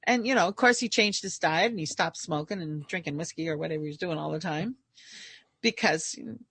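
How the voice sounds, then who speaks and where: A woman naturopathic doctor telling lively stories in a casual podcast chat, acting out the people she quotes. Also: low voice, fairly quick, slightly rough, no room sound.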